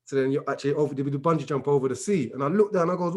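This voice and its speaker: A man's voice: a little high, racing, darkish tone. A man in a casual group chat, animatedly telling a story and acting out the dialogue. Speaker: regular discussion member.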